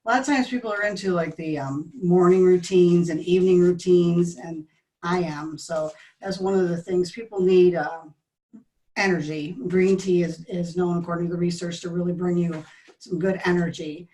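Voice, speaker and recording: A woman's voice: fairly low pitch, fairly even intonation, moderate pace, dark tone, distant mic, low-quality recording. Rambling, nervous middle-aged woman. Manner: rambling, nervous, often losing her thread. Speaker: guest, tea business co-owner. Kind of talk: casual interview chat.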